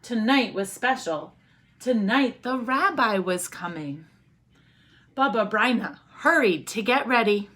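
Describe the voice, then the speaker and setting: A woman teacher reads a picture book aloud to young children, often pausing to ask them questions. Her voice is bright and lively, swooping up and down, and she reads at a slow, careful pace. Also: on the high side. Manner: expressive, asks the listening children questions.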